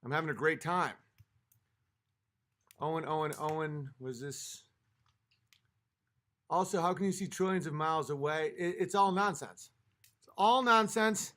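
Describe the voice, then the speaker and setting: Speaking at a measured pace with frequent pauses, this man has a fairly high, slightly bright voice. He's a livestream host, a few drinks in, delivering a heated, profanity-filled late-night rant while reading chat aloud.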